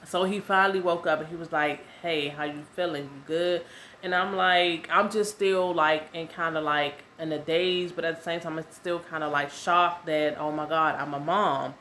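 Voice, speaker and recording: Young woman, low voice, chatty storytelling, faint background noise. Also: steady tone, moderate pace, few pauses, a bit bright. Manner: chatty, repeats herself, lots of "um" and "y'all". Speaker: vlogger. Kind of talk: casual storytelling to camera.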